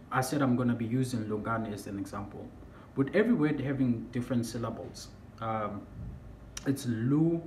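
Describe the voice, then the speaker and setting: A young man explains word sounds in a casual lesson, often pausing and repeating himself. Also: medium pitch, darkish tone. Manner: halting, repeats himself, searches for words. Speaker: language teacher. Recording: echoey room with faint background hum.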